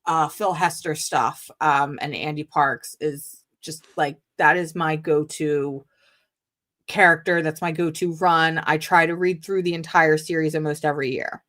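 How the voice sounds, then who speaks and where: A woman speaking as a guest on a live-streamed interview over a video call. Her voice sits a little low for a woman, and she tells her stories with excitable energy, acting out what everyone said. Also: measured pace. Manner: animated, excitable storyteller acting out dialogue.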